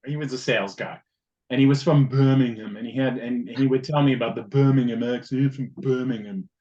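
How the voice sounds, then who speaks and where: A man's voice: mid-range voice, fairly even intonation, a little fast, mellow, muffled recording. A man co-hosting a casual chat, talkative and often searching for the right word. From Canada. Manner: chatty, searches for words. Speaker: podcast co-host.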